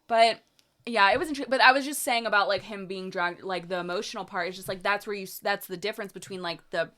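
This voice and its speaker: Young woman podcast co-host, bright tone, chatty recapper who hedges a lot. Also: mid-range voice, fast talker. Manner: retells scenes, acting out quoted lines, hedging. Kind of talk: casual chat.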